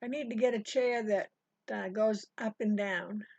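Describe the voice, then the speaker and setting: A woman's voice: medium pitch, steady tone, normal speed, creaky, darkish tone, no echo. Chatty older woman teaching sewing. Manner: chatty, rambling, talks to viewers by name. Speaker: sewing teacher hosting a live stitch-along. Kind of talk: casual live tutorial chat. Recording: dry, dull lo-fi stream audio.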